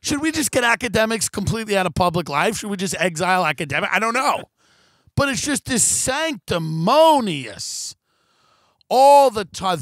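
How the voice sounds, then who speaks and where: A man hosting a comedy podcast launches into a profane, rambling, sarcastic rant, mocking his critics with put-on voices. His voice sits high, and there's no echo.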